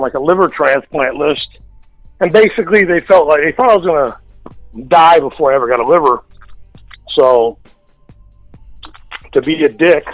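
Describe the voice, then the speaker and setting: A man's voice: a little high, fairly bright tone, no echo, dull audio. Blunt, profane man telling a story. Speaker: guest. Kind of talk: casual storytelling interview. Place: radio studio.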